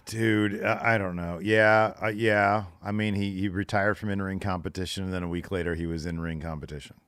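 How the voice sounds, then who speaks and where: A man's voice: sits low, fairly even intonation, moderate pace, a bit bright, smooth, no echo, clean studio sound. A man co-hosting a podcast who chats in a loose, rambling way, full of fillers. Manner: chatty, rambling, many fillers like "like" and "you know". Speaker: podcast co-host. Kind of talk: casual chat.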